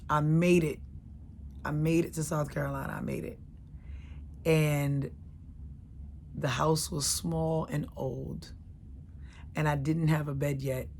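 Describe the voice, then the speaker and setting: A middle-aged woman telling a candid, emotional personal story, dropping to a hush and rising loud by turns. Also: sits low, little pitch movement, slow, creaky, long pauses, a little hiss or hum. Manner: candid, emotional, swings between hushed and loud.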